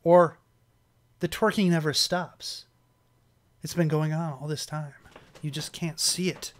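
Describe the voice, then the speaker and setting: A man with a slightly high, strained voice hosts a casual livestream. He rambles, restarts his sentences and chuckles often as he chats. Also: steady tone, unhurried. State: strained, worn voice. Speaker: livestream host. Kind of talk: casual chat.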